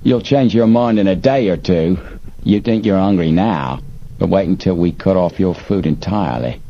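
A man voicing a sour, menacing male smuggler chief in an audiobook, speaking slowly and threateningly. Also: low-pitched, mellow. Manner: slow, sour, menacing delivery. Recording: dull lo-fi recording, faint hiss.

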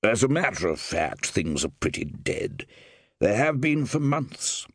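A man voicing a suave, urbane police chief in a story reading, speaking slowly and deliberately. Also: fairly low pitch, very animated, slightly rough, no room sound, studio quality, heavily acted. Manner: slow, measured, urbane.

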